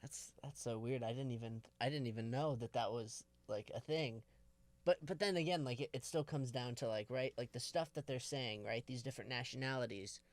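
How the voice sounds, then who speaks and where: A man's voice: medium pitch, a little fast, no room sound. A man co-hosting a podcast in casual chat, hesitant and laughing easily. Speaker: podcast co-host.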